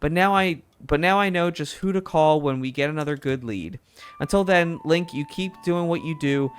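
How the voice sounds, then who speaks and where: A man's voice: on the high side, moderate pace, clean tone, dry recording, pitched above the performer's own voice, lightly acted. A man reading a proud newspaper editor in a game, in a raised voice.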